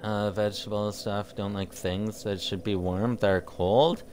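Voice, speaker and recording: A man's voice: on the low side, steady tone, a little slow, a little mellow, slight background noise. A man streaming a video game, chatting casually with viewers and often tripping over his words. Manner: rambling, jokey, trips over his words. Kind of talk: casual chat with live viewers while gaming.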